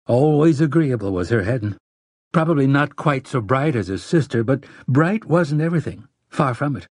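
A man reading an audiobook narration in a measured, even storytelling manner. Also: mid-range voice, no room sound, studio quality.

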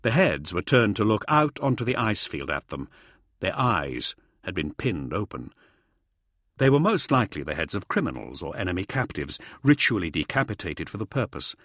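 Deep-voiced male audiobook narrator. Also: sing-song, normal speed, a bit bright, no echo, studio quality. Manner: vivid, dramatic storytelling.

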